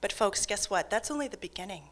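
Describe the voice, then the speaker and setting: Woman telling a funny true story on stage, animated, loud then hushed. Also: medium pitch, fast. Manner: animated, comic, swings between loud and hushed. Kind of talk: live storytelling for an audience.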